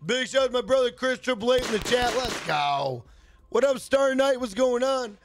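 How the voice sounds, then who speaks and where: High-voiced hyped man streaming a game. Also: lively intonation, normal speed, background noise. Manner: hyped, profane, shouting out chat members. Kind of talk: live gameplay stream chat. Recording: faint music behind.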